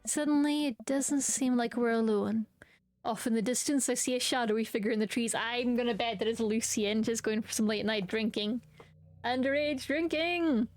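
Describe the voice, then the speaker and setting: A woman's voice: on the high side, steady tone, moderate pace, a little mellow, no echo, faint music behind. Playful woman streamer reading a game. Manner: playful, switches into silly voices and barks. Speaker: streamer playing a dating game. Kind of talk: reading game dialogue aloud with commentary.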